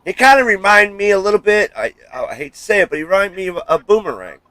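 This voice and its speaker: A man co-hosting a livestream chat, excitable and laughing often. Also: sits high, fast, no echo. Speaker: co-host.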